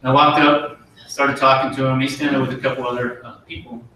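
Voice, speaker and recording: A middle-aged man, an army officer, giving an earnest promotion speech and telling a folksy story with pauses and restarts. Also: mid-range voice, flat delivery, bright, forceful tone, distant mic, slight background noise. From United States. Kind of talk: ceremony speech with war story. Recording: very echoey hall, voice from afar.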